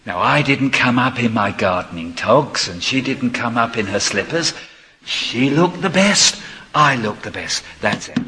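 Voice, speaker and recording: An older man preaching a sermon, moving between quiet, confiding asides and ringing, emphatic proclamation. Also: medium pitch, expressive, a little slow. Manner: swings from soft confiding asides to emphatic declamation. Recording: long hall reverb.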